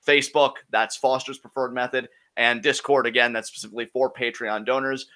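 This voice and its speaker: A man's voice: medium pitch, fairly even intonation, brisk, sharp tone. A man co-hosting a live-streamed Q&A show, chatting casually and launching into heated, profane rants. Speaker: co-host of a Q&A show.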